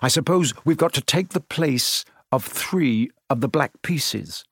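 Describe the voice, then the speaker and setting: A man's voice: medium pitch, expressive, a little slow, a bit bright, husky, no room sound, studio quality, full character voice. A man voicing a young boy wizard who takes charge of a chess game with bossy decisiveness. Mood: commanding. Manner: bossy, decisive under pressure.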